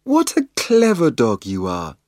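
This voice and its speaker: A man reading a storybook aloud, voicing an excitable young girl in a high, emphatic voice. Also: a little slow, no echo, clean studio sound. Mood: excited.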